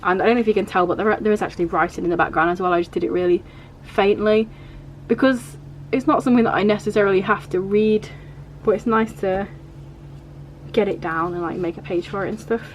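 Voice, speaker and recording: A woman's voice: mid-range voice, fast, slight background noise. A woman vlogger chatting casually through her journal pages, rambling and peppering her talk with fillers. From England.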